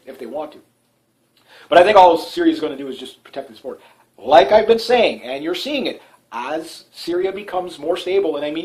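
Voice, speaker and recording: Rambling man with a higher voice. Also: rough recording. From Canada. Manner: rambling, many fillers and restarts, frequent chuckles. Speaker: talk show host. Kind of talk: casual political commentary monologue.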